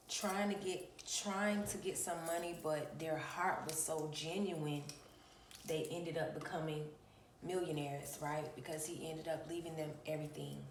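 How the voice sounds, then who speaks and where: A woman's voice: deep voice, reverberant, recorded from a distance, a little hiss or hum. An adult woman, telling a personal spiritual story to viewers, emphatic, repeating phrases and calling them y'all.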